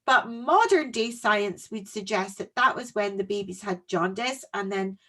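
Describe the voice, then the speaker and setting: A woman co-hosting a podcast, telling stories in casual chat with animated delivery and frequent laughter. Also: mid-range voice, a little slow. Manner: animated storytelling, laughing often. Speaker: podcast co-host.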